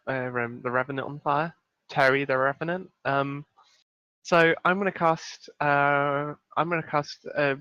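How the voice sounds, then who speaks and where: A man playing a tabletop game, thinking out loud with lots of fillers as he picks a spell. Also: on the high side, no room sound, dull audio. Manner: thinks aloud, rambling with fillers. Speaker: player. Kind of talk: casual tabletop game talk.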